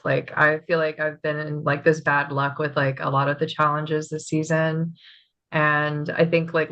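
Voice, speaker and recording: A woman's voice: deep voice, pushed and bright, rough recording. A woman contestant answering a question at length, with many fillers along the way. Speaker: game contestant.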